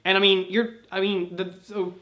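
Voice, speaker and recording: A man's voice: sits high, flat delivery, normal speed, roomy sound, muffled recording. A man casually recapping a story, rambling with frequent swearing and laughter. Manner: rambling, profane, laughs often. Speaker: host.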